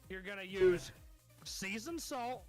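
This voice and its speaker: High-voiced man playing a tabletop game. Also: lively intonation, slow, faint music behind. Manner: dry, blunt, swears casually. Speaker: tabletop role-play player. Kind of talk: casual in-character play.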